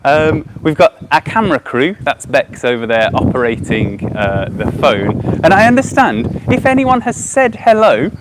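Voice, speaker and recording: A man's voice: a little high, sing-song, moderate pace, hardly any pauses. Upbeat Brummie man presenting outdoors. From Birmingham, England. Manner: chatty and upbeat, with frequent ums and uhs. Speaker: aquarium educator presenting a live stream. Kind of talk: outdoor educational live stream. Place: outdoors by a car park. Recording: noisy outdoor phone stream.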